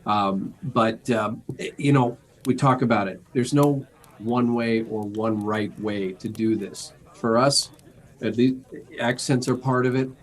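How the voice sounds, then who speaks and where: A man's voice: medium pitch, measured pace. A man talking casually as a game master, hesitant and self-deprecating, with lots of filler words. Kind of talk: casual discussion.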